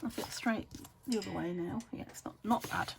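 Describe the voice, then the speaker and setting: A woman's voice: mid-range voice, fairly quick, creaky. A middle-aged woman chatting casually to herself while she works on a craft, often dropping into a whisper. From United Kingdom. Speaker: craft vlogger. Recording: noisy home recording.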